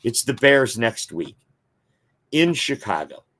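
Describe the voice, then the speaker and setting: A man's voice: medium pitch, sing-song, takes it slowly, fairly bright tone. A man hosting a football talk show, giving fan opinions and reading viewer comments in a casual, chatty way with frequent filler words.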